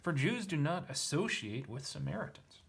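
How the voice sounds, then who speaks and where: A doubtful, questioning Samaritan woman from a scripture reading, as a man lifts his voice a little to read her. Her lines come out word for word, in a literal, stiff phrasing, a notch higher than the reader's usual low voice. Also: sing-song, normal speed, vocal fry, a little hiss or hum. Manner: read aloud as plain literal translation.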